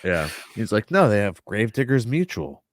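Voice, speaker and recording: A man co-hosting a podcast in casual chat, mostly giving short, relaxed replies and adding details to the recap. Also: fairly low pitch, moderate pace, dry recording, studio quality. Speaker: podcast co-host.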